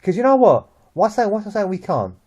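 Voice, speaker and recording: A young man with a London accent, chatting about football as host, lively and full of restarts and repeated words. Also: high-pitched, moderate pace, muffled recording. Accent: London English. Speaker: vlog host. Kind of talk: casual football chat.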